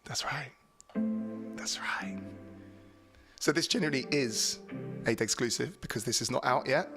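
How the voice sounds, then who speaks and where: Male radio DJ host, middle-pitched, chatty and excitable, with quiet drum and bass bed behind. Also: unhurried. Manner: excitable, chatty, playful, stumbles over words. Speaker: DJ and show host. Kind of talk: casual DJ patter between tracks. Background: faint drum and bass music.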